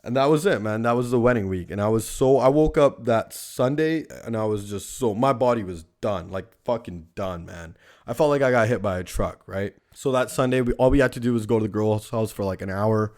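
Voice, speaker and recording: A young podcast host with a brisk, darkish, lowish voice rambles through a casual storytelling show. He swears constantly and keeps tagging lines with "right?"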